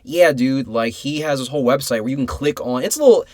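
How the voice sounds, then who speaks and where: A man's voice: mid-range voice, fast talker, no room sound, clean studio sound. A man co-hosting a casual film review podcast, swearing freely and slipping into mocking voices. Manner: profane, animated, drops into mocking voices. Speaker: podcast co-host.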